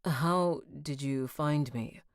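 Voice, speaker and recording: A woman's voice: low voice, takes it slowly, dry recording, clean studio sound. A woman voicing a snobby, nervous young man who leans on his charm, in an audiobook reading.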